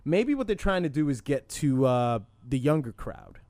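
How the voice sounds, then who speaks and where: A man's voice: medium pitch, big pitch swings, normal speed, darkish tone, no room sound. A man co-hosting a podcast in casual chat, speaking in a blunt, sardonic way. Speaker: podcast co-host.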